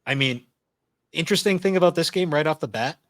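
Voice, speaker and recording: A man's voice: fairly high pitch, fast talker, fairly bright tone, no room sound. A man hosting a casual gaming podcast, talking steadily and reviewing games point by point. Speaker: podcast host.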